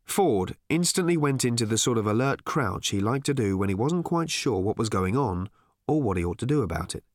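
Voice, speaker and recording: A man narrating a comic novel with wry timing, his pitch rising and falling a lot. He sits at a mid pitch, and the recording is close and dry with no room sound. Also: a little fast, no echo. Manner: expressive, wry. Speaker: audiobook narrator. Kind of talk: scripted narration.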